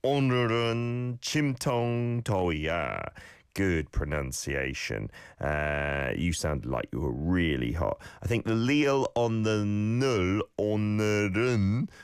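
A man's voice: deep voice, clean tone, no room sound, studio quality. A man hosting a radio language lesson, coaching listeners on their pronunciation with friendly feedback. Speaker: radio host teaching Korean.

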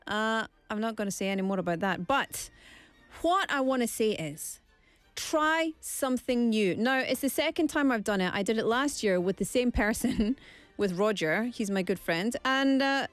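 A woman's voice: on the high side, animated, moderate pace, dry recording, faint music behind. A woman vlogger talking in a casual, chatty, self-mocking way, laughing often.

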